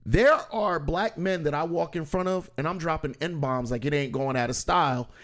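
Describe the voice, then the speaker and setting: A man hosting a podcast, telling stories in a casual, animated way and acting out quoted voices. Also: fairly high pitch, moderate pace. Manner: animated, acts out quoted voices, laughs often. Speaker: podcast host. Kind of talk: casual conversational storytelling.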